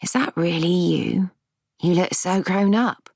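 A woman's voice: lowish voice, unhurried, vocal fry, a little mellow, dry recording, voice pushed up. A woman reading the part of a frightened, confused elderly woman who repeats herself, in a storybook reading. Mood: bewildered.

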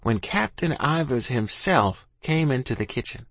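A man's voice: medium pitch, lively intonation, normal speed, a bit bright, husky, no echo. A man reading a first-person audiobook in a plain, folksy storytelling manner. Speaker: audiobook narrator.

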